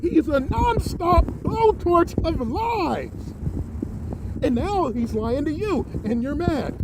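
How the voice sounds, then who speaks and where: A man rants at full volume from his car, his voice strained very high and swinging wildly in pitch. He swears constantly and hammers the same points again and again. Road noise from the moving car rumbles under every word. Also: sing-song, slow, vocal fry. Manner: profane, yelling, repeats himself. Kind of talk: angry solo rant. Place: car on the highway. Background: vehicle noise.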